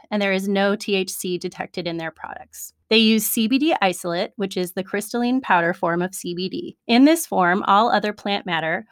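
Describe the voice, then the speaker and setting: A woman podcast co-host reading a sponsor ad in a brisk, upbeat manner. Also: medium pitch, dry recording, studio quality. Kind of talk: casual chat and read ad.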